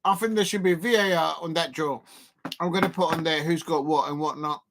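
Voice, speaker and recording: A man hosting a live football fan channel, reacting excitably as he swings between joking asides and despairing outbursts. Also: fairly high pitch, brisk, background noise. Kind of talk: live watch-along reaction.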